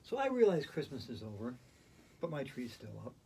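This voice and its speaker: A man leading a yoga routine in a gentle, playful, chatty way. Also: medium pitch, wildly swooping pitch, moderate pace, creaky, a little hiss or hum. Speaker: yoga instructor. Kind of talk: guided yoga instruction.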